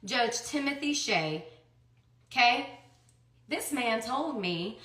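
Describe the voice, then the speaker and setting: Woman, bright forceful voice, emphatic storytelling, rhetorical questions, echoey room. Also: a little high, animated, takes it slowly, pauses often. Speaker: mother in a custody fight.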